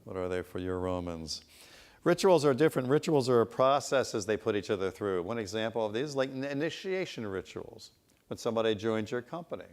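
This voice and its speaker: Man, fairly low voice, conference speaker, business consultant, storytelling, conversational, rhetorical asides. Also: animated, a little fast. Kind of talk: conference presentation.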